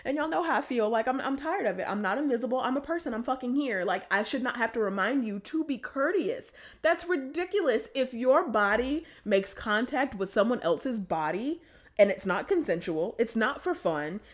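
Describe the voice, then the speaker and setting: A woman's voice: a little high, lively intonation, normal speed. A woman, chatting casually and telling an exasperated story, often acting out quotes.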